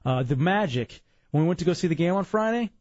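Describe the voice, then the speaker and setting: A man's voice: on the high side, lively intonation, quick pace, a little mellow, no room sound. A tired young man from Dallas, hosting a casual chat show in a rambling, joking way. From Dallas, Texas. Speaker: podcast host. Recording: dull lo-fi, dry room.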